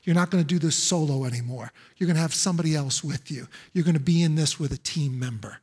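A man taking on a gentle, fatherly divine voice that speaks softly and reassures. The tone stays calm and hushed, with long reverb ringing behind it in a large hall. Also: quick pace, breathy edge. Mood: reassuring. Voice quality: soft, lowered and hushed.

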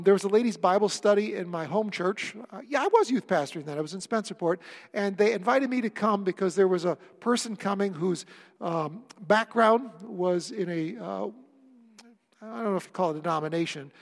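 A man preaching a sermon as pastor, building to impassioned near-shouting and then dropping to a quiet, conversational tone. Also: sits high, long reverb tail.

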